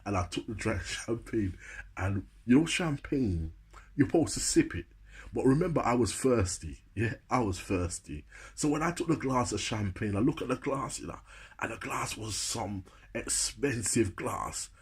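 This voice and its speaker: A man's voice: medium pitch, lively intonation, moderate pace, breathy edge. A man with a Jamaican accent telling a funny story in a chatty way, laughing often and asking "you know what I'm saying". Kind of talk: casual comic storytelling.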